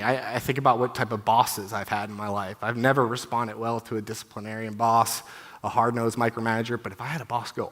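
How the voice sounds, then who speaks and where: A man in his thirties addresses a conference audience, candid and heartfelt, talking casually at a middle pitch. His voice carries a long reverb from a large hall. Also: flat delivery, fairly quick, a bit bright. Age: 30s. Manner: candid, heartfelt, conversational with many "you know"s. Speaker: conference speaker. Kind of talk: personal testimony talk.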